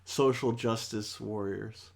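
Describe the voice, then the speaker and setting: A man's voice: lowish voice, steady tone, takes it slowly, vocal fry. A man co-hosting a podcast in casual chat, rambling, joking and swearing freely. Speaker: podcast co-host.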